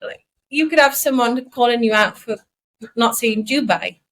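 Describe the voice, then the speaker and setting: A woman co-hosts a podcast in relaxed conversation. She talks her thoughts through as she goes, in a musing, reflective manner. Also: on the high side, normal speed, rough recording. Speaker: podcast co-host. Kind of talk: casual chat.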